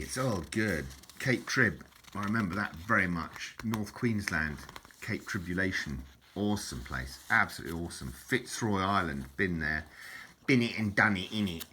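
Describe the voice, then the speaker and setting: An older man, a vlogger, rambles fondly over old keepsakes, chuckling often and ending lines with "innit" and "mate." His voice sits low with a bright, forceful tone, and there's slight background noise.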